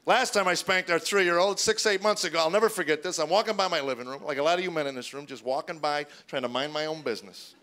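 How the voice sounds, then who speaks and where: A middle-aged man doing stand-up, telling deadpan stories and acting out his kids' voices before a live audience. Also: on the high side, quick pace, few pauses. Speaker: stand-up comedian. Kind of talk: stand-up comedy routine. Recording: live show with audience noise.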